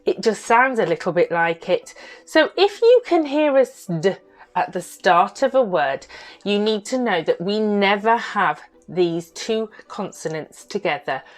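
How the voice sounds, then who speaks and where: A woman leads a phonics lesson for young children, speaking at an unhurried pace. She sounds out words piece by piece and cheers on every small success. Her voice sits at an ordinary middle pitch. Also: animated. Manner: slow, exaggerated sounding-out of words; bright, encouraging praise. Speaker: phonics teacher.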